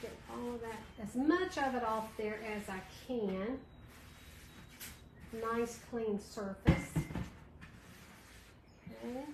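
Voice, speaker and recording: A woman's voice: a little high, takes it slowly, pauses often. A middle-aged woman, chatting casually with viewers and reading their comments as she does a craft project on a livestream. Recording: echoey room with clear background noise.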